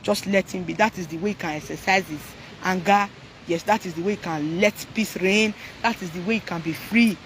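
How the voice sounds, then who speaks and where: A man's voice: sits high, brisk, a bit bright, a little hiss or hum. A man with a Nigerian accent talking to viewers on a live stream, ranting animatedly and mixing Pidgin, Yoruba and English.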